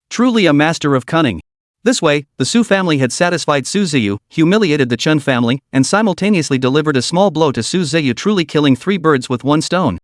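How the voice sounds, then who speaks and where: A man narrating a web-novel audiobook in an expressive, dramatic storytelling manner. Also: on the high side, no room sound, studio quality.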